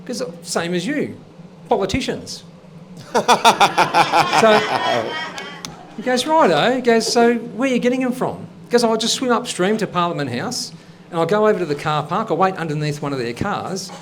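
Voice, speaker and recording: A man hosting a comedy show and telling jokes in an upbeat, lively way. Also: sits high, moderate pace, slight background noise. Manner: upbeat, lively joke delivery. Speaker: show host.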